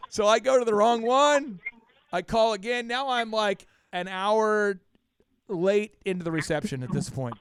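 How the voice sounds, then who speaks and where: Male podcast host, high smooth voice, animated storyteller who acts out every quote. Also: unhurried, dry recording. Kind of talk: casual storytelling chat.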